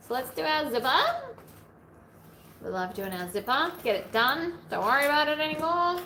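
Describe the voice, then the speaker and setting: A chatty woman keeps up a running commentary on her sewing, her voice pitched a bit high and swinging widely up and down. She sounds a little hoarse after hours of talking. Her voice rings in an echoey room with faint noise behind it. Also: big pitch swings, moderate pace, sharp tone. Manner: chatty and playful, narrating each step aloud. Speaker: sewing livestream host. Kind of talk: casual livestream chat while sewing.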